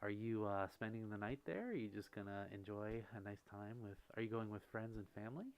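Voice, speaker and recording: A man with a slightly low voice hosts a relaxed ASMR livestream. He reads out viewer messages and answers each one gently. He talks close to the microphone. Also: a little fast, clear, resonant tone. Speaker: livestream host.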